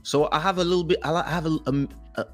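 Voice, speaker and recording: A man telling a story in a casual talk-show chat, animated and acting out the people he quotes. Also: a little high, racing, faint music behind. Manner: animated, acts out quotes, laughs as he tells.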